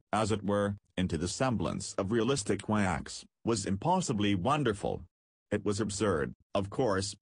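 A man reading a story aloud as an audiobook narrator, with a measured storytelling delivery. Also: on the low side, breathy edge, no room sound. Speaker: audiobook reader. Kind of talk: scripted narration.

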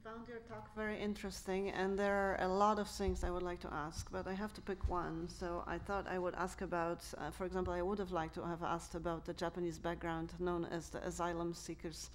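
A woman's voice: on the low side, little pitch movement, brisk, hardly any pauses, slight background noise. A woman moderating a public reading asks the author a careful, articulate question.

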